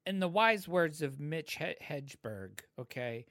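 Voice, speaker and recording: A man in his thirties casually telling a profane, laid-back story to friends, getting animated when he quotes others. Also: fairly high pitch, a little slow, few pauses, no echo, studio quality.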